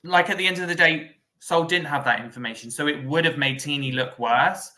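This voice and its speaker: A man's voice: on the high side, a little fast, pushed and bright. A man co-hosting a podcast, thinking aloud in casual conversational chat. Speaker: podcast co-host.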